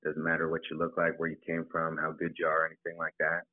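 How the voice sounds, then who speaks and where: A man, a high school football head coach, talking plainly in an interview, often repeating words as he starts sentences. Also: monotone, fast talker, no room sound. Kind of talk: casual interview. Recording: tinny phone line, dry.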